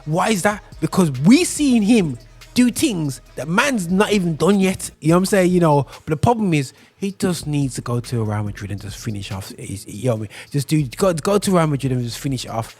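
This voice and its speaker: A man hosting a casual football chat, talking fast and repeating himself excitedly. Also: on the high side, husky, faint music behind. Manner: excitable, repeats "bro" often. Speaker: podcast host.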